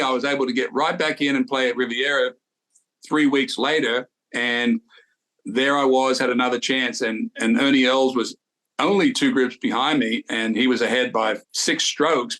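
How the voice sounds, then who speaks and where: An older man with an Australian accent, co-hosting a golf podcast and telling stories from his playing days in a relaxed way. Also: mid-range voice, low-quality recording. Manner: relaxed storytelling with golf detail. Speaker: golf podcast co-host, former tour winner. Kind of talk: casual golf chat.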